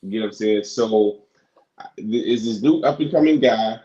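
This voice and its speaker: A man co-hosting a casual talk show, halting with many restarts. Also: fairly low pitch, mellow, muffled recording. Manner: halting, many restarts, "you know what I'm saying". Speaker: podcast co-host. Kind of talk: casual chat.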